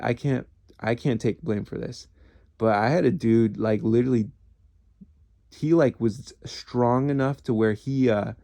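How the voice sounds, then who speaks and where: A former police officer in his thirties rambles through casual stories, swearing and running himself down while restarting often. His medium-pitched voice is creaky and dark, recorded dry.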